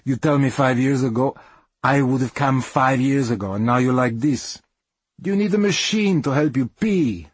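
A man's voice: mid-range voice, sing-song, unhurried, few pauses, darkish tone, slightly rough, dry recording, full character voice. A man voicing his insistent, exasperated middle-aged wife within his monologue, pressing and scolding, in plain non-native English.

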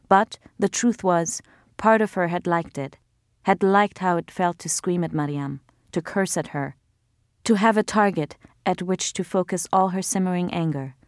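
An audiobook narrator with a fairly low-pitched female voice reads scripted narration in an even, measured manner. She's recorded on a close studio mic with no room sound.

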